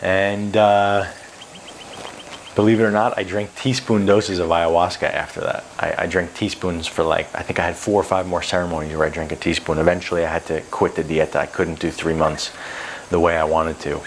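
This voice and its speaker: Low-voiced guy telling a wild story on his channel, rambly, swears a lot, faint noise behind. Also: little pitch movement, moderate pace. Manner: intense, rambling, swears freely. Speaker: YouTuber telling a personal story. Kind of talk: casual storytelling vlog. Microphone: close to camera.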